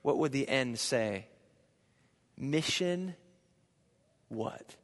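A middle-aged man from Indiana preaching a sermon, telling a childhood story with lively, joking asides to his listeners. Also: medium pitch, very slow. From Indiana, USA. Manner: lively anecdotal storyteller, jokes with the audience. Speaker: pastor. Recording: long reverb of a large hall.

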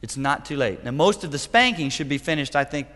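Forceful, emphatic male preacher. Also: a little high, lively intonation, a little fast. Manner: emphatic, punchy preaching with sudden loud outbursts. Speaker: pastor. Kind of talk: sermon. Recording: long reverb of a church hall.

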